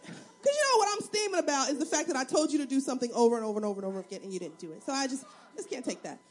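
A woman preaching a sermon, telling a personal story in an animated, humorous way that swings between loud and soft. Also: sits high, very fast, breathy edge. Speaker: single mother of two.

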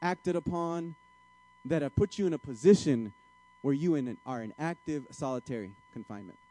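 Mellow-voiced man preaching a conversational sermon. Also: a little high, huge pitch swings, moderate pace. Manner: conversational, starts soft and confessional, grows emphatic and exhorting. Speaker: pastor.

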